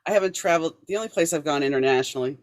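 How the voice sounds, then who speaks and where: A woman's voice: deep voice, rapid-fire, no room sound, studio quality. A woman from New Orleans hosting a podcast, chatting conversationally and asking long, rambling questions. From New Orleans, USA. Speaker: podcast host. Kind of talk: casual interview chat.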